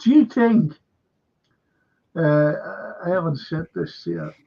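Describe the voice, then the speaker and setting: An older man hosts a casual chat in a raised, gravelly and husky voice. He talks haltingly, restarting his sentences and filling gaps with "uh" and "you know". The recording sounds dull and lo-fi. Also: on the high side, mellow. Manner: halting, full of fillers and restarts. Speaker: host.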